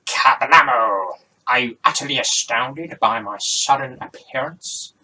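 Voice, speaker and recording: A man's voice: mid-range voice, animated, measured pace, slightly rough, distant mic, full character voice, poor audio. A man doing a boastful showman magician. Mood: bombastic. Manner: loud, grandiose announcements. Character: showy male stage magician, boastful and theatrical.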